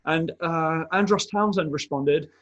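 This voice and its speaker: Bloke, higher-voiced, who hosts a footy podcast and leads the banter. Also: male voice, measured pace, a bit bright, lo-fi sound. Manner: chatty storyteller, leads the segments. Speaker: podcast co-host. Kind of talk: casual football banter podcast.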